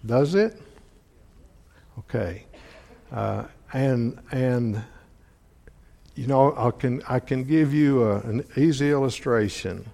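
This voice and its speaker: Man, preacher, sermon, halting, repeats words, long hall reverb. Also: mid-range voice, creaky, warm tone. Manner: halting, repeats words, asks the audience questions. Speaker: preacher or Bible teacher.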